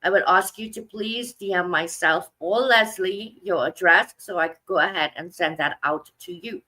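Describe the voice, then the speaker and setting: Bright, emphatic woman hosting a live show. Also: fairly low pitch, moderate pace, low-quality recording. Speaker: host of a live book show.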